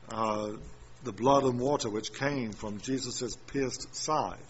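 A man preaching a sermon, reading scripture and repeating chapter and verse. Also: mid-range voice. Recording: muffled recording with faint room noise.

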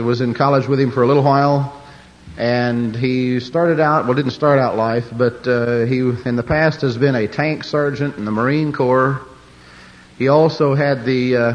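Halting male emcee, dull old recording. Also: mid-range voice. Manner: halting, with fillers and restarts. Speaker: emcee introducing the speaker. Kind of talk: formal introduction.

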